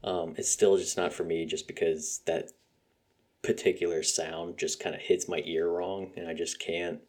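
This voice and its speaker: A man's voice: deep voice, level tone, normal speed, darkish tone. A young man hosting a podcast, rambling casually about music with lots of fillers and swearing. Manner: rambling, profane, frequent fillers. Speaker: podcast host.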